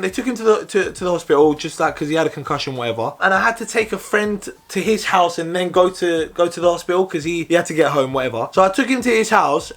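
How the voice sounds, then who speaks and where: A young man telling a story in a casual vlog, animated, swearing a lot and often restarting his sentences. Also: high-pitched. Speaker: vlogger.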